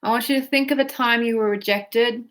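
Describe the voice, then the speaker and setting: Her pitch fairly high and her intonation fairly even, a woman who practices tapping leads a slow guided session of tapping and breathing. She gives directions and voices emotional phrases for the audience to echo, repeating them in a whiny way and yawning along the way.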